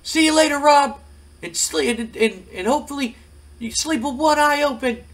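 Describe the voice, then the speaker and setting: A man voicing a loud, taunting male wrestling manager who rants and mocks in a shrill, raised voice. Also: moderate pace. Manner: shrill, ranting, mocking.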